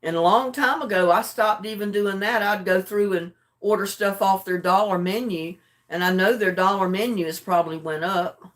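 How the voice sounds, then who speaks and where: Livestream host, older woman, homey easygoing chatter, relaxed and a bit sleepy. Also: mid-range voice, normal speed, hardly any pauses. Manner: chatty, homey, chuckles often. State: drowsy and relaxed. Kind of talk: casual chat with live viewers.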